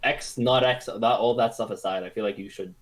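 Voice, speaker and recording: Quick-talking man reasoning in a chat. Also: on the low side, fairly even intonation, low-quality recording. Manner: earnest, reasons through hypotheticals. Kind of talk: casual chat.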